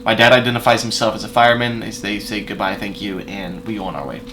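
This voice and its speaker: A man telling a personal story in a casual vlog, rambling with fillers and restarts and swinging between loud emphatic bursts and quiet asides. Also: lowish voice, expressive, quick pace, poor audio.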